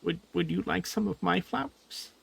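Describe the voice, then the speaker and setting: A man voicing a shy, foot-tall male creature who stammers softly. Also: sits high, animated, moderate pace, gravelly, husky, voice pushed up, full character voice. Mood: timid, sweet. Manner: timid, stammering.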